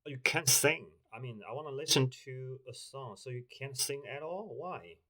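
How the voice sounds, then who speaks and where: Guy testing a voice assistant, kinda hesitant, bright sound. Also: medium pitch, animated, normal speed, rough recording. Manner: hesitant, with many fillers. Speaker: tech reviewer host. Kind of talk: casual talk to a voice assistant.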